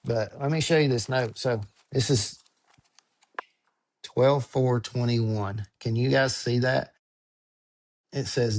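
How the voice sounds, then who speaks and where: A man of middling pitch talks in a casual interview, earnest and a little halting. He repeats words and restarts as he gropes for the right phrasing. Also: fairly even intonation, darkish tone. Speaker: podcast guest, ultrarunner.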